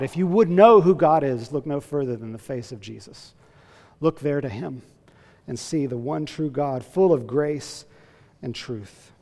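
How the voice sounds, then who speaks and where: A man preaching a sermon as a pastor, earnest and emphatic, slowing down to stress key phrases. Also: medium pitch, darkish tone, big-room sound.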